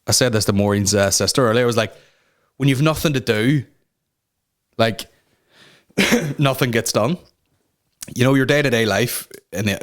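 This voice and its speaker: Young male podcast host, mid-pitched, sweary comic rambler, recorded at home. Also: clear, resonant tone. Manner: sweary, rambling, self-mocking. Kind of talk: casual comedic rant. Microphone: talking to a camera.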